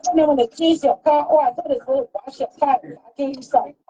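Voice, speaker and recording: A woman's voice: high voice, steady tone, fairly quick, dark tone. A woman, talking emphatically and repeating herself in heated casual talk. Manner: emphatic, repetitive. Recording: dull lo-fi recording.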